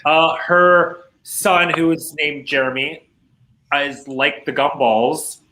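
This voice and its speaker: A man co-hosting a live-stream podcast, reading out viewer comments in an excitable, teasing way. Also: on the high side, slow pace, reverberant, slight background noise, rough recording. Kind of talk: casual live-stream chat.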